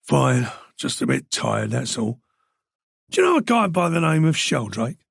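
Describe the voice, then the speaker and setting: A man's voice: medium pitch, big pitch swings, a little slow, gravelly, slightly rough, no echo, studio quality, full character voice. A man voicing a tired, uneasy middle-aged male detective in an audiobook, speaking in a guarded way.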